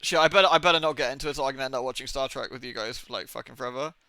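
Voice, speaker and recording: A man's voice: mid-range voice, rapid-fire, bright, forceful tone, clear, resonant tone, no room sound. A young man chatting casually on a livestream, swearing often and laughing as he talks about old TV episodes. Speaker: streamer.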